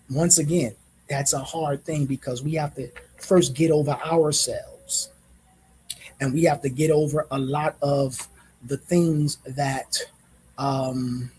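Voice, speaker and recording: A man hosting a reflective monologue, speaking in a measured way, repeating phrases and often checking in with "right?". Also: medium pitch, a little hiss or hum, low-quality recording. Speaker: host.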